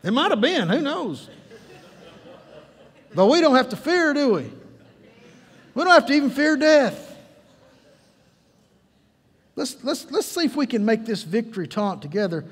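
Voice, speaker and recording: A high-pitched man preaches a lively sermon, teasing and coaxing his congregation along. His voice rings through a church sanctuary with a long reverb tail. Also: unhurried, pauses often, husky. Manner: playful, coaxing the congregation, emphatic storytelling. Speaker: pastor.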